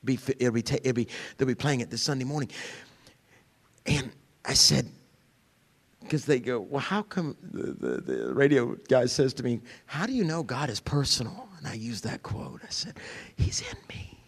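A middle-aged man preaching a sermon in a church, animated and humorous, jumping from shouts to hushed whispers and acting out voices. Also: medium pitch, normal speed, creaky, in a large hall. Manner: acts out quoted voices with humor. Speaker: pastor. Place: church sanctuary.

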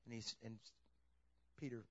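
A man preaching a sermon, telling the story in a lively way that swings from loud emphasis to a hushed near-whisper. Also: moderate pace. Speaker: pastor. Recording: dull lo-fi sound.

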